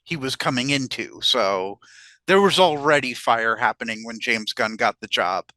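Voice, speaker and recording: A man's voice: medium pitch, moderate pace, sharp tone. A man co-hosting a podcast in casual chat, hesitant and often stumbling over how he starts a sentence. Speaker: podcast co-host.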